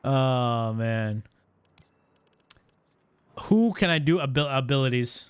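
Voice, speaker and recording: A man's voice: mid-range voice, expressive, slow, clear, resonant tone, dry recording. A man streaming a game, cracking crude jokes and rambling with repeated words. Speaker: gaming streamer. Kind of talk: live game commentary.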